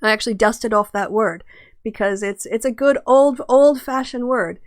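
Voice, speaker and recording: Woman, host, casual commentary, chatty, laughs a lot, fairly high voice. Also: moderate pace, no echo, studio quality.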